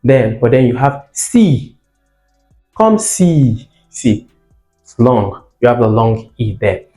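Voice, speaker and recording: This English teacher has a warm, medium-pitched voice, very animated yet slow-paced, as he runs an exam-prep lesson on vowel sounds. Each sound and word gets repeated for practice, he checks in with the viewer, and the room echoes over faint music.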